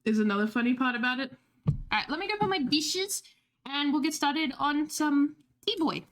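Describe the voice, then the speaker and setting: A young woman with a fairly high voice chats casually on a livestream. She rambles, swears freely and drops in laughing asides between stories. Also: animated, normal speed, a bit bright. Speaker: streamer.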